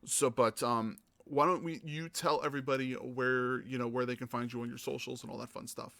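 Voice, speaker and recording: A man hosting a gaming podcast, telling stories in a casual, animated way and acting out the people he quotes. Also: medium pitch, fairly quick, vocal fry, no echo. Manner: animated, acts out quoted voices. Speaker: podcast host. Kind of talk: casual storytelling chat.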